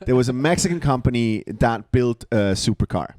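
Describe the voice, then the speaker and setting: A man's voice: medium pitch, expressive, moderate pace, darkish tone. Profane storytelling man on a podcast. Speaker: podcast co-host. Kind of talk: casual comedy podcast chat. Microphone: studio podcast mic.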